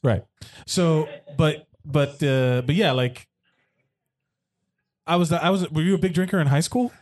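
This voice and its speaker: A man's voice: a little high, unhurried, a little mellow. A man hosting a casual movie commentary podcast, joking and swearing as he rambles with restarts. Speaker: podcast host.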